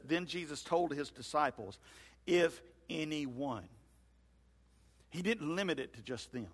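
A male pastor preaching a sermon in a church sanctuary, acting out scripture dialogue with lively swings in voice. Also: on the high side. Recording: long hall reverb.

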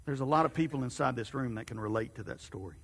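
A man preaching a sermon, telling a story in an animated, halting way in a large hall. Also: mid-range voice, vocal fry, husky. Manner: animated, halting narration with repeated restarts. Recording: long hall reverb.

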